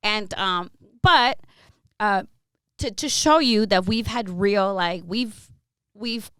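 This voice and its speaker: Animated woman telling a studio story. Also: medium pitch, takes it slowly, clear, resonant tone, dry recording. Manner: animated, laughing, acts out quotes. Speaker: radio host, guest. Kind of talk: casual storytelling interview.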